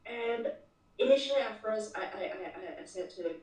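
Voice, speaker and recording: A woman's voice: mid-range voice, animated, normal speed, a little mellow. A woman as an interview guest, telling a work story in casual talk and often repeating words as she starts sentences. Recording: roomy echo, distant mic.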